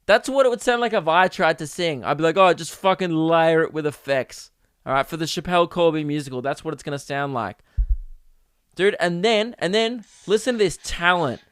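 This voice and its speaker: Man, fairly high voice, hosting a podcast in a dry, close room; animated and mock-outraged. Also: a little fast, clean tone, dry recording. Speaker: podcast host. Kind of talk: casual solo podcast rant.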